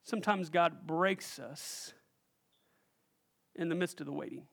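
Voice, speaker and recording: A man preaching a sermon as pastor, animated and calling out questions to the congregation, acting out the voices he quotes. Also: a little high, a little slow, creaky.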